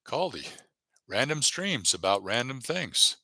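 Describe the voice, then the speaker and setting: A man's voice: medium pitch, big pitch swings, unhurried, gravelly, bright, forceful tone, no echo. A man hosting a casual livestream, rambling and encouraging as he reads out viewers' chat. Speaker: YouTube livestreamer.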